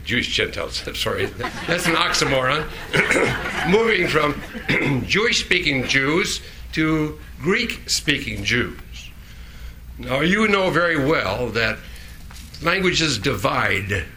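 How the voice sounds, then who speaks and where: A man preaching a sermon as pastor, often chuckling and correcting himself with quick asides. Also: fairly high pitch, bright, forceful tone, slight background noise.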